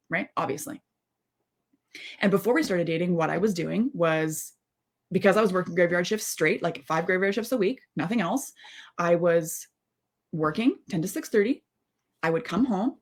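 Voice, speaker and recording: A woman in her thirties giving a candid live-stream monologue as a mindset coach, rambling and heartfelt, with many asides and restarts. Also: lowish voice. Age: 30s. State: close to tears.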